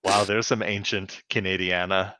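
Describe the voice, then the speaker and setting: A man's voice: low-pitched, level tone, moderate pace, bright, forceful tone, dry recording. A man co-hosting a podcast in casual chat, retelling things in a rambling way full of fillers and restarts. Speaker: podcast co-host. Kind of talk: casual chat recapping a cartoon episode.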